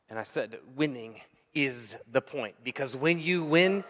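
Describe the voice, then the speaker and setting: A man in his thirties, a pastor preaching a sermon, telling a funny story in an animated, jokey way. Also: mid-range voice, unhurried. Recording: long hall reverb.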